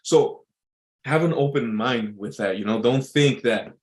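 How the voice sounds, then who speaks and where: A man's voice: mid-range voice, a little slow. Rambling man in a casual monologue. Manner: rambling, many fillers and restarts. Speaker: entertainer.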